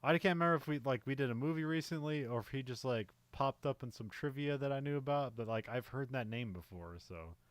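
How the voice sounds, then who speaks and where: A man with a mid-range voice co-hosts a laid-back movie podcast, rambling loosely and briskly with barely a pause. He laughs a lot and peppers his talk with "like" and "you know." The recording is close and dry, with no room sound.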